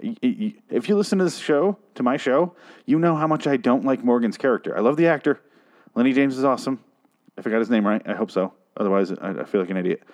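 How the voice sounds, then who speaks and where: A man's voice: mid-range voice, fast talker, a little mellow. A man hosting his own review podcast, ranting casually with sarcastic, exasperated swearing. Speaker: podcast host.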